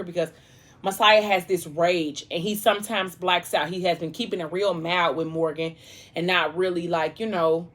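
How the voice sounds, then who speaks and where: A woman's voice: fairly low pitch, fairly even intonation, a little fast. A woman vlogger casually retelling a novel's plot while eating, rambling and full of fillers. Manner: rambling, heavy use of "like" and "you know".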